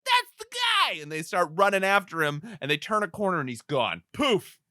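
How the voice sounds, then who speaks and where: A man co-hosting a casual movie podcast, recapping scenes with swearing and quick silly character voices. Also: a little high, expressive, bright, forceful tone, no echo, studio quality. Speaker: podcast co-host.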